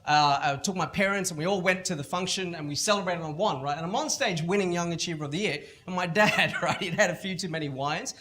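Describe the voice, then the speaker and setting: A middle-aged Australian man giving a motivational keynote at a school festival, telling lively anecdotes and acting out other people's lines. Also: sits high, fast talker, hardly any pauses. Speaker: motivational speaker. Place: school event stage.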